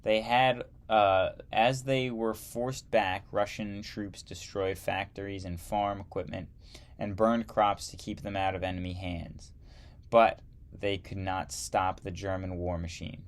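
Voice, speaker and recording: A man teaching history, reading a textbook aloud slowly and adding wry asides. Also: deep voice, little pitch movement.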